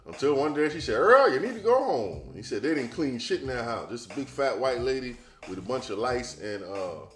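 A man hosting a podcast, talking in a loose, profane and animated casual monologue straight to his listeners. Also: mid-range voice, fairly quick, echoey room, slight background noise. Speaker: podcast host.

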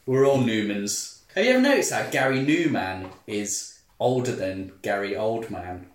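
A man's voice: fairly low pitch, animated, moderate pace, echoey room, distant mic. A man co-hosting a casual chat, making wry joking asides. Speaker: podcast co-host.

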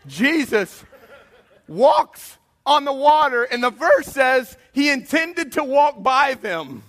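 A man, preaching a sermon with animated bursts and hushed confessional moments. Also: very high voice, takes it slowly. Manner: animated preaching, drops to a quiet hush for confessions. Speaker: pastor.

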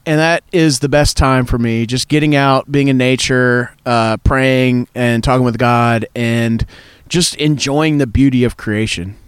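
A man's voice: mid-range voice, steady tone, unhurried, smooth, dry recording. A man hosting a casual chat by a cold outdoor campfire, jokey and laughing easily. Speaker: podcast host and pastor.

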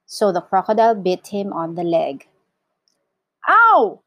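A woman teacher reading a children's story aloud to her class, slow and expressive. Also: fairly low pitch, dry recording.

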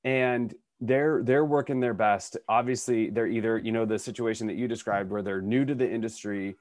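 A man's voice: lowish voice, normal speed, dry recording, clean studio sound. A man in his thirties or forties, a podcast co-host, telling a story in casual conversation, acting out what people said, with many restarts. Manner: animated storyteller who acts out quotes, with frequent restarts.

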